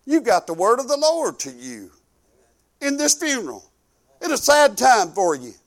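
A middle-aged man preaching a folksy storytelling sermon, animated and colloquial, swinging from loud bursts to hushed asides. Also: extremely high pitch, moderate pace. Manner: colloquial, rambling with restarts.

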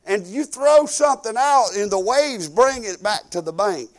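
Older preacher, high folksy voice. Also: male voice, animated, moderate pace. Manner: folksy, conversational preaching that swells into emphatic bursts. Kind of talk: sermon.

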